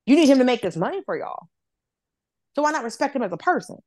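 A woman from Atlanta, a comedian guest, telling a story in casual chat, animated and profane, acting out other people's voices. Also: high-pitched, fast talker, no room sound. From Atlanta, United States.

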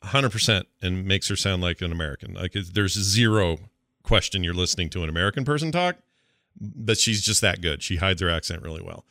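A man's voice: low-pitched, brisk, dry recording, clean studio sound. A man co-hosting a podcast in casual, joking chat. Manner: animated, chatty, joking. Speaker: podcast co-host.

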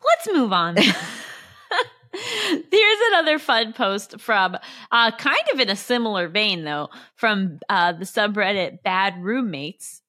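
A young woman with a bright, forward voice co-hosts a casual podcast. She pushes back skeptically and laughs often. Her pitch sits in an ordinary middle range. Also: big pitch swings, takes it slowly. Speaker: podcast co-host. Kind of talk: casual chat.

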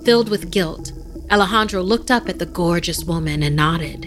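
A woman's voice: fairly low pitch, over music. Woman narrating a horror podcast. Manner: measured, dramatic storytelling. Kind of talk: scripted horror story narration.

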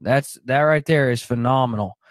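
A man's voice: mid-range voice, moderate pace, dry recording. A man hosting a podcast in casual chat, making his points in an emphatic, preachy way. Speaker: podcast host.

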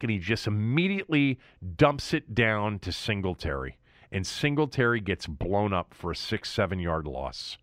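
A middle-aged man hosting a sports talk show, recapping a game play by play in an animated way, his voice jumping up when excited. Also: medium pitch, no echo, studio quality. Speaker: sports radio host. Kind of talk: solo sports talk monologue.

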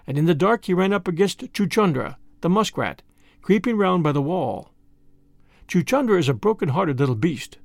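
A man narrating a classic animal story in an expressive, animated storybook reading. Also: on the high side, creaky, no echo, clean studio sound.

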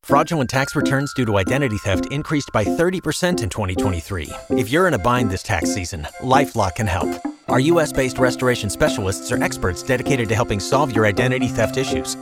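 Steady male ad announcer over music. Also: medium pitch, fast. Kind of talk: scripted ad read. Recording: voice over loud music bed.

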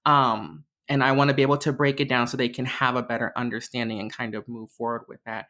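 A woman's voice: steady tone, fast talker, a bit bright. A young adult woman, a podcast guest and diversity educator, telling stories casually and animatedly, laughing often between phrases. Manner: acts out quotes in a much higher voice. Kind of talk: casual conversational storytelling.

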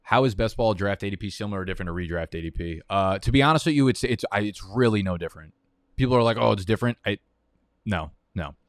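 A man's voice: lowish voice, fast, dry recording, clean studio sound. Profane, ranting fantasy football streamer man. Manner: profane, rambling, heated rants with restarts. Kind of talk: casual live-stream commentary while drafting.

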